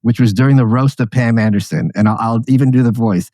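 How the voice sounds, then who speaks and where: A man appearing as a guest on a podcast, telling anecdotes in an animated, casual way. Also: medium pitch, fast, few pauses, no echo. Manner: animated storyteller, laughing at his own anecdotes. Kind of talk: casual interview conversation.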